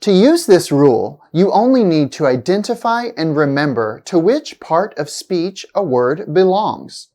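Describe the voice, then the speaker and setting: A woman reading a scripted pronunciation lesson, saying each example word slowly and deliberately with exaggerated stress. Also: low voice, very animated, dark tone. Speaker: pronunciation teacher.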